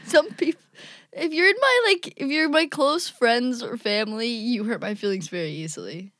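A woman's voice: a little high, animated, moderate pace, fairly bright tone, dry recording, clean studio sound. A young woman co-hosting a podcast with her mother, talking in a wry, teasing way and laughing often. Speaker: podcast co-host, daughter. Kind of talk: casual chat.

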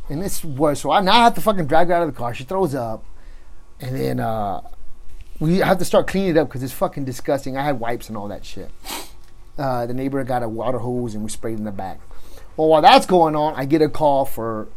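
Middle-aged male police officer, casual storyteller, profane, animated. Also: mid-range voice, a little fast, low-quality recording. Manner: profane, animated retelling, acts out others' lines.

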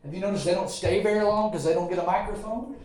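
Male Southern pastor, high voice, folksy sermon with repeated lines and asides; roomy church echo. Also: a little mellow. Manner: folksy preaching, repeats phrases, quick asides and chuckles. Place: church sanctuary.

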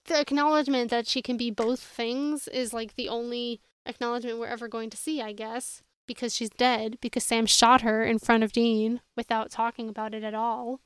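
A woman's voice: on the high side, flat delivery, moderate pace, few pauses, smooth, dry recording. A woman co-hosting a casual show recap, exasperated and sarcastic, recounting scenes from her notes. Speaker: podcast co-host.

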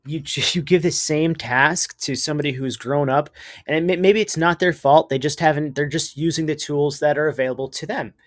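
Male co-host, slightly high voice, hesitant and halting. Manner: hesitant, full of restarts and fillers. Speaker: podcast co-host. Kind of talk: casual chat.

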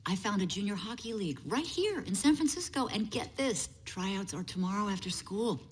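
A woman's voice: medium pitch, animated, normal speed, husky. An upbeat mother. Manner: upbeat, encouraging. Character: cheerful middle-aged mother upbeat about news.

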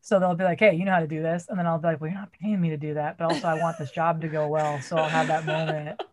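Loud, blunt, fast-talking woman from Massachusetts. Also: sits low, level tone, a crowd in the background. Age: 40s. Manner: loud, blunt, swears a lot. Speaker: theater stagehand and rigger. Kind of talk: casual podcast conversation.

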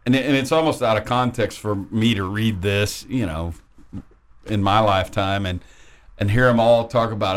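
A man's voice: fairly low pitch, moderate pace. A man co-hosting a sports talk radio show, chatting casually in a rambling, thoughtful way. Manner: rambling and thoughtful, with many restarts.

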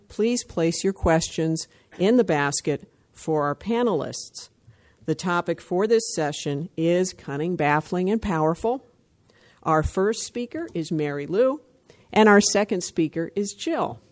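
A chairperson opening a support-group workshop by reading the prepared format aloud. The voice sits at an everyday middle pitch, and the delivery is steady and formal. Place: meeting room at a workshop.

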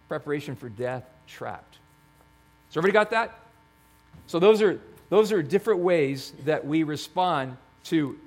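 Male pastor, slightly higher pitch, chatty sermon delivery with frequent restarts. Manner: storytelling, conversational with many restarts.

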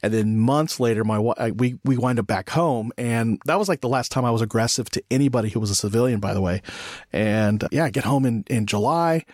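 Man, podcast host, reflective and halting, mid pitch, dry close mic. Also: darkish tone, no room sound. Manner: reflective, halting with frequent restarts. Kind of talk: casual podcast conversation.

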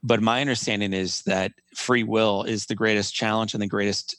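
A man's voice: on the low side, fairly even intonation, moderate pace, a bit bright, no room sound. A middle-aged man, a podcast guest, telling a personal story emphatically and repeating key phrases.

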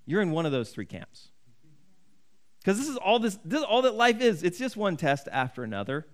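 A man preaching a sermon in a somewhat high voice. He talks in an earnest, conversational way and often restarts his sentences. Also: sing-song, brisk. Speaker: pastor.

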